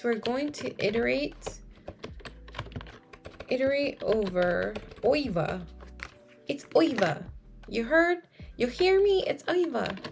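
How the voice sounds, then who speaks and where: A woman's voice: a little high, gravelly. A young woman streaming live while she codes, thinking aloud, chatting with viewers and correcting herself mid-sentence. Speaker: streamer teaching coding.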